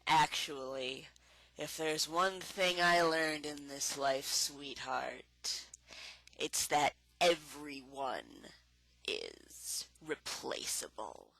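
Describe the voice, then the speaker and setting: A man's voice: fairly high pitch, animated, very slow, creaky, sharp tone, no echo, exaggerated voice, rough recording. A man speaking in a cold, condescending manner in a short played clip.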